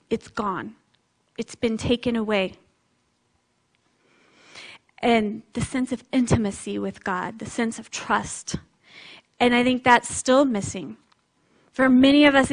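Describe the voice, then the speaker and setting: A woman preaching a sermon with a high voice. She talks in a relaxed, conversational and reflective way, with a light laugh now and then.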